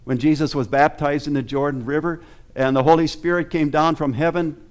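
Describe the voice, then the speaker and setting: A man's voice: fairly high pitch, fairly even intonation, a little fast, clear, resonant tone. Earnest male pastor preaching a sermon. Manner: earnest, asks the congregation rhetorical questions. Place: church sanctuary.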